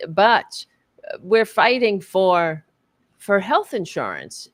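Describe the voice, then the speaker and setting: A woman's voice: medium pitch, no echo. A woman co-hosting a political talk podcast, speaking in an impassioned, profane, rambling way with many fillers. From United States. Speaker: podcast co-host.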